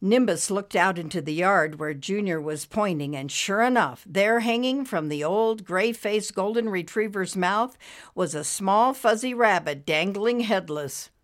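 A woman reading a story aloud as narrator, expressive and lively. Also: mid-range voice, measured pace.

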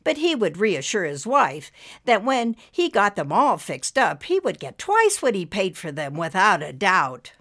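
A woman narrating an audiobook story in a steady, expressive storytelling manner. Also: mid-range voice, unhurried.

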